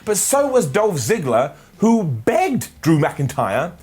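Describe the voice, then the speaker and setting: A man's voice: fairly high pitch, huge pitch swings, takes it slowly, a little mellow, breathy edge, soft background music. A man reviewing a wrestling show in a comedic, sarcastic recap monologue. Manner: sarcastic, jokey, mocking asides.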